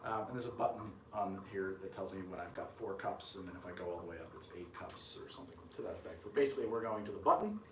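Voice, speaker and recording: A man's voice: sits low, quick pace, hardly any pauses, fairly bright tone, reverberant, recorded from a distance, a little hiss or hum. A man hosting a cocktail show, chatting casually on a live stream as he makes a drink, with rambling, self-deprecating asides.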